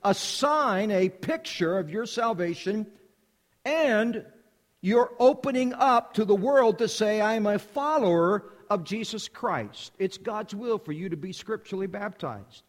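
A man preaching a sermon in a high, lively voice that climbs and falls as he drives each point home. He hammers on repeated phrases. His voice trails into the long reverb of a church hall. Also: unhurried. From United States. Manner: emphatic, repetitive preaching cadence. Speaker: preacher, missionary.

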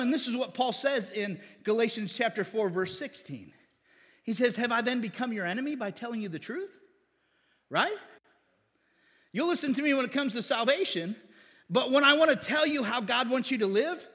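A man's voice: very high-pitched, animated, normal speed, fairly bright tone, husky, long reverb tail. A man preaching as pastor, often calling for an amen from the congregation. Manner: call-and-response asking amen. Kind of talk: sermon.

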